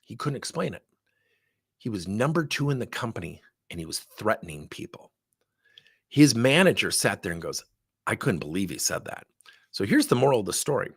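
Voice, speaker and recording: A man's voice: on the low side, normal speed, slightly rough, dry recording, studio quality. A middle-aged man as a sales trainer, telling blunt, emphatic stories in a workshop webinar. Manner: animated, blunt, emphatic storyteller.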